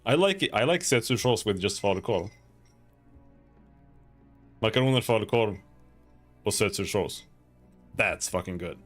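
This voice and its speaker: A man's voice: on the low side, lively intonation, normal speed, long pauses, soft background music. A young man with a Swedish accent, chatting casually and rambling on a gaming livestream, swearing now and then. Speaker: streamer.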